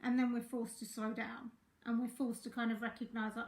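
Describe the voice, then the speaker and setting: A high-voiced woman talks viewers through a live coaching session, her voice croaky from a sore throat. She talks in an easy, chatty way with plenty of fillers. The sound rings in an echoey room. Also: level tone, fairly quick, a little mellow. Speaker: life coach. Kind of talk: live-streamed coaching talk.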